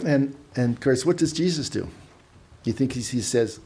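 A man's voice: medium pitch, lively intonation, normal speed, dark tone, slightly rough. A man giving a casual, conversational sermon, telling stories with asides and repeating words as he goes. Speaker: preacher.

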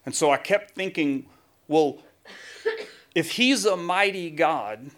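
A man's voice: fairly high pitch, slow, a bit bright. A man preaching a sermon, emphatic, often building long lists. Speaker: pastor.

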